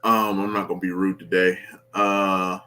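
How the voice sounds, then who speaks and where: A man's voice: sits low, level tone, moderate pace, pushed and bright, soft background music. A man guesting on a wrestling podcast, chatting casually with laid-back slang and acting out his own lines.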